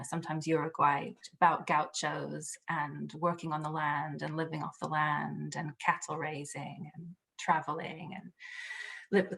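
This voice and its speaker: A woman with a low, gravelly voice talks through a literary topic in an interview. Her speech is chatty and casual, full of restarts. She sounds like an academic translator. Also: a bit bright. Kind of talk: conversational interview answer.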